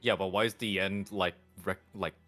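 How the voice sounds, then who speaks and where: A man's voice: low voice, steady tone, normal speed, pushed and bright, faint music behind. A man chatting casually and joking while voicing game characters with friends. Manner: joking, offhand, swears.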